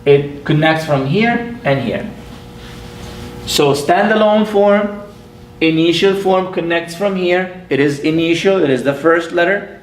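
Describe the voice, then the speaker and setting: A man, an imam, teaching a classroom lesson, patient and playful, repeating sounds slowly for his students. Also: fairly high pitch, a little hiss or hum. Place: mosque classroom. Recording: echoey room.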